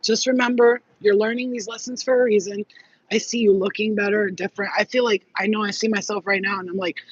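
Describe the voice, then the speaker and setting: Chatty woman vlogger, slightly husky. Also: medium pitch. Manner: chatty, swears freely, affectionate sign-offs. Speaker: spiritual healer vlogger. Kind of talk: casual live vlog chat. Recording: muffled dry sound.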